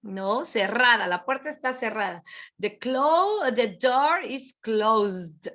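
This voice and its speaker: A woman's voice: a little high, expressive, slow, fairly bright tone. A woman teaching English pronunciation in an online class, repeating each word several times for her students over a video call.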